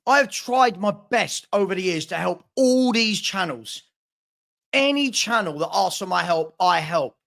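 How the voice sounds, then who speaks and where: A man's voice: high voice, expressive, a little slow, vocal fry, a bit bright. A man hosting a football channel, venting on a live stream with stammering restarts and repeated phrases. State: frustrated.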